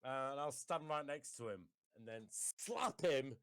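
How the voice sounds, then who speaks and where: A man's voice: mid-range voice, lively intonation, unhurried, a bit bright, no echo, studio quality. A man, playing a tabletop role-playing game in a cheeky, laughing manner with heavy swearing. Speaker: player.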